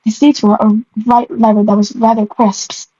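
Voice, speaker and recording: A fairly high, mellow voice with a level tone and normal speed belongs to a young woman reading one of her own old stories aloud. She stumbles, stops to laugh at her own writing with comic remarks, and dissolves into giggles. The audio is dull, dry, and lo-fi.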